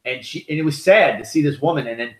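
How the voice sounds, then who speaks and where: A man's voice: a little high, animated, quick pace. An American man co-hosting a podcast, telling stories in a heated, profane, rambling way. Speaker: podcast co-host. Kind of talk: casual opinionated podcast chat. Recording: echoey room.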